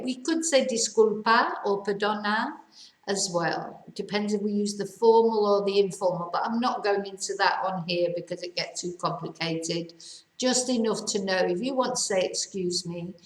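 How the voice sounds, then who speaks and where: Woman, language teacher, unhurried and chatty, roomy echo. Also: medium pitch. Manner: chatty, repeats phrases slowly for learners. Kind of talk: casual language lesson. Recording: echoey room.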